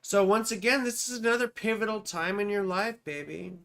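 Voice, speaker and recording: A woman's voice: medium pitch, a little fast, fairly bright tone. A woman astrologer giving a live chart reading. She talks in a rambling way, drifts into asides, and calls the viewer sweetheart and baby.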